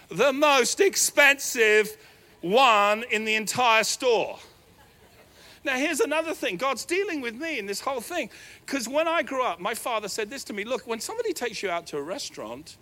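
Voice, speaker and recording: Storytelling New Zealand pastor, bright high voice. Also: male voice. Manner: storytelling, animated, self-deprecating humor. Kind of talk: sermon. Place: church hall.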